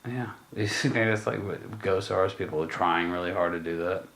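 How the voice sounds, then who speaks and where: A man's voice: deep voice, normal speed, fairly bright tone. A man co-hosting a podcast in casual chat, musing and rambling with lots of fillers and swearing. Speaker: podcast co-host.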